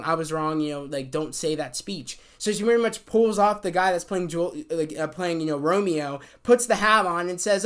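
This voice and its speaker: A man's voice: on the high side, fairly bright tone, smooth. A young man casually recapping a TV episode, rambling with lots of fillers and restarts. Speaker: show reviewer.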